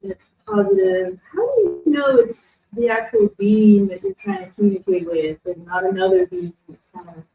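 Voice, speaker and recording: A woman's voice: fairly high pitch, sing-song, moderate pace, gravelly, hardly any pauses, a little hiss or hum. A woman in the audience asking a hesitant question, searching for her words. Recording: distant, echoey, phone-like sound.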